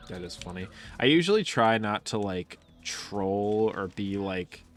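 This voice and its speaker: A man chatting casually and profanely while streaming a video game, rambling through stories and laughing often. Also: fairly low pitch. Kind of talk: casual live-stream chat while playing.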